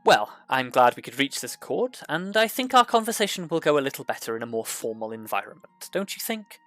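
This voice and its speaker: A man's voice: mid-range voice, very animated, fairly quick, a bit bright, dry recording, soft background music. A man voicing a stern, important female investigator who speaks curtly and formally. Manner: curt and formal.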